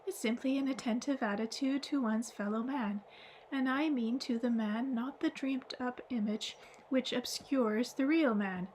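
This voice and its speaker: A woman reading the part of a gentle, wise old man in an audiobook, explaining calmly and patiently. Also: fairly high pitch, a little slow, slight background noise, lightly acted, poor audio.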